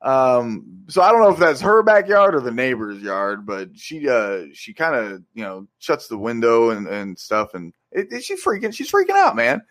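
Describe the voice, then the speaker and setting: A man's voice: mid-range voice, very animated, moderate pace, few pauses, a bit bright. A young man co-hosting a podcast, casually retelling movie scenes with plenty of swearing and laughter. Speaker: podcast co-host. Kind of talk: casual movie review chat.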